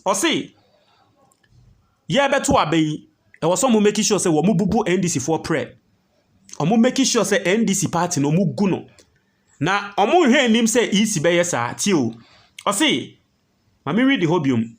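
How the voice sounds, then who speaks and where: A Ghanaian-accented man speaks in a high, animated voice that rises and falls widely. He hosts a political commentary, making his points with insistent emphasis as he reads passages aloud and explains them. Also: normal speed, long pauses. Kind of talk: news commentary.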